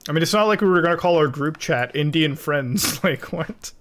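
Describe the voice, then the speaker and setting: A man's voice: a little high, expressive, a little fast, a bit bright. A young man streaming from home while editing video, chatting casually and rambling with lots of swearing and laughing asides.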